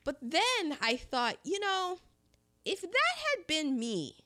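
A woman's voice: extremely high pitch, takes it slowly. A woman chatting casually about a war film, acting out scenes and laughing often. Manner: animated, acts out lines from the film, laughs often. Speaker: co-host discussing a war film. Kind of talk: casual chat.

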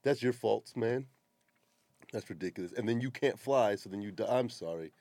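A man's voice: lowish voice, normal speed, a little mellow, no room sound, clean studio sound. A man hosting a casual podcast, swearing freely and bluntly tearing apart skydiving videos. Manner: blunt, swears a lot, exasperated critique. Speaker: podcast host. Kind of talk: casual profane chat and video commentary.

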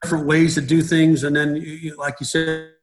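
A middle-aged man, a baseball coach, talks through his ideas in an interview. His voice sits a little high for a man, and he keeps restarting and repeating words as he goes. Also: flat delivery, brisk, faint music behind, poor audio. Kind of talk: conversational interview.

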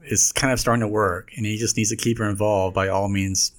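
A man with a fairly low voice chats casually with a co-host. He rambles through his points and laughs often. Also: level tone, fairly quick. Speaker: podcast co-host. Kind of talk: casual chat.

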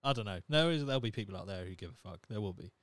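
A man's voice: lowish voice, lively intonation, racing, dry recording. A young man hosting a solo podcast, talking in a blunt, sweary, opinionated way. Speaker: podcast host. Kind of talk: casual solo podcast rant.

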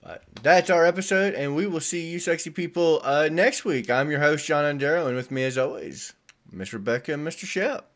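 A man's voice: on the high side, brisk, a bit bright. A man with a Southern US accent hosting a casual podcast chat, loose and joking. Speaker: podcast host.

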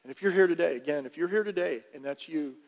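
A male pastor preaching a sermon in an animated, emphatic way, often repeating phrases. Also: a little high, quick pace, long reverb tail.

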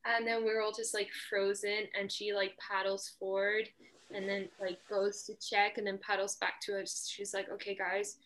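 A young woman from Portugal tells surf stories in a loose, filler-heavy chat. Her voice is bright and clear, and she speaks at a middle pitch. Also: normal speed. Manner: relaxed storyteller, many fillers. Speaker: guest surfer. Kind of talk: casual chat.

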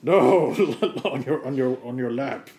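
A man's voice: mid-range voice, unhurried, a little mellow, voice pushed up, natural voice. A man voicing a fussy, bossy male Renaissance painter who snaps orders at his sitter. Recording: roomy echo.

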